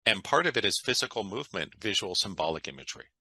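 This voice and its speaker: A man's voice: lowish voice, sing-song, fast talker, sharp tone, dry recording, rough recording. A man, a guest on an interview, talking in an enthusiastic, conversational way and often checking in with "right?". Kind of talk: interview storytelling.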